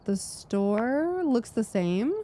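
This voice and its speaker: A young woman narrating her gameplay with breathless, gushing excitement, her voice jumping up into squeals and gasps. The tone underneath stays mellow and soft rather than bright. She talks like a longtime streamer showing off to her viewers. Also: on the high side, extremely slow, slight background noise. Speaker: gaming streamer.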